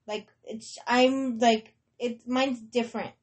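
Young woman, slightly high voice, unhurried rambling chat, swears freely, slips Spanish words into English. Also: steady tone. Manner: rambling, heavy swearing, many likes and restarts. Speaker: podcast host. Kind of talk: casual personal storytelling.

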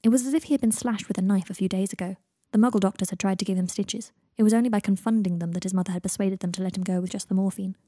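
A woman narrating a fan fiction audiobook in a steady, measured reading voice. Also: medium pitch, no room sound, studio quality.

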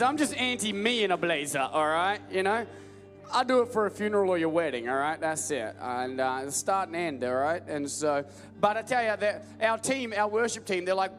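Southern preacher man, young, high tenor, fervent call-and-response, big echoey church with music faint underneath. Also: moderate pace. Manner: energetic call-and-response preaching, rising to loud emphatic repetition. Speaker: pastor. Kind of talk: sermon. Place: large church hall with live audience.

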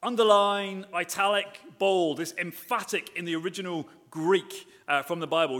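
A man's voice: sits high, moderate pace, hardly any pauses, fairly bright tone. A man, a pastor preaching a sermon, with many fillers and restarts that build to emphatic repeated phrases. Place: church hall, live sermon. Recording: long reverb of a church hall.

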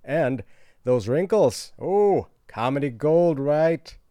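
Man, satirical comedy monologue, sarcastic, lively swooping pitch, dry close mic. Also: takes it slowly, dry recording. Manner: sarcastic, animated, jumps between loud and hushed.

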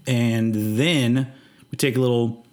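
A man's voice: mid-range voice, steady tone, takes it slowly, a little mellow. A man hosting a casual music podcast, rambling with lots of fillers and casual swearing. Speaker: podcast host.

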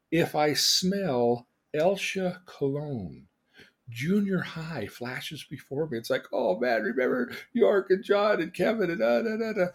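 Husky older man telling stories. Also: medium pitch. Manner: animated storyteller who acts out quoted dialogue. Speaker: change coach and teacher. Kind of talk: storytelling lesson on a podcast.

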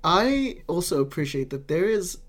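Woman co-host, very low pitch, easygoing and enthusiastic. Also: sing-song, moderate pace. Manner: enthusiastic, agreeable, lots of fillers. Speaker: podcast co-host. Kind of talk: casual chat.

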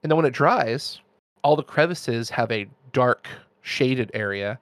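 A man's voice: medium pitch, animated, unhurried, no room sound, studio quality. A man in casual conversation, explaining things enthusiastically in long, flowing runs. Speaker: miniature painting expert host. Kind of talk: casual chat.

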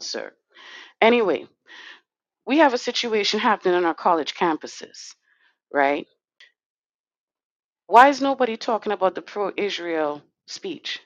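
A woman's voice: mid-range voice, dry recording, muffled recording. A woman delivering an impassioned, confrontational podcast monologue as an organizer. She is blunt, swears freely and speaks straight to her listeners. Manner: talks straight to the chat audience. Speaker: podcast co-host and community organizer.

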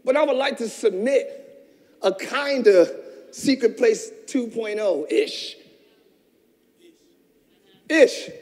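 Very high-voiced man preaching in a hall. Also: slow pace, long pauses. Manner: passionate preaching, swinging between shouted peaks and hushed asides. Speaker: pastor. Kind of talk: sermon. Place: church. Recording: long church reverb.

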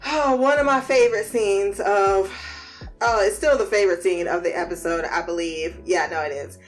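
A woman casually recapping a TV episode, slangy and animated, acting out the characters' lines and laughing often. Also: medium pitch, normal speed, soft background music.

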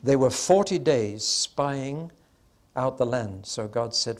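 An older man delivers a Bible teaching in sermon style, telling the story with emphasis. He slows down and leans on the key moments to give them weight. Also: mid-range voice, expressive.

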